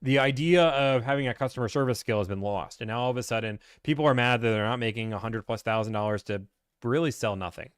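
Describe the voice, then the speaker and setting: A man's voice: mid-range voice, clean tone, no echo. Blunt, ranting man in a dry room. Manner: blunt, ranting, acts out salesmen in quick voices. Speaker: host answering viewer questions. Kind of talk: casual livestream Q&A.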